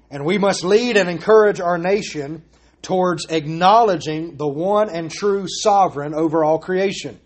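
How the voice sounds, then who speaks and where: A man preaching a sermon as pastor, pressing his points with repeated rhetorical questions. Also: sits high.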